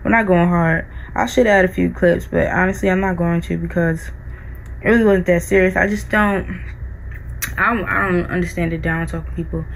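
A woman's voice: lowish voice, fairly even intonation, normal speed, vocal fry, a little hiss or hum, low-quality recording. A woman vlogger in casual chat, rambling with lots of likes and restarts.

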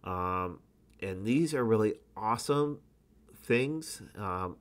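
A man's voice: on the low side, lively intonation, takes it slowly. Rambling man co-hosting. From Canada. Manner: rambling, many fillers and restarts. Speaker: podcast co-host. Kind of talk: casual spiritual podcast chat.

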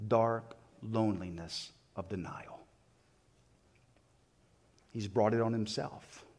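A man's voice: medium pitch, darkish tone. A man pastor preaching a sermon, retelling a story and acting out the voices in it, with frequent small restarts.

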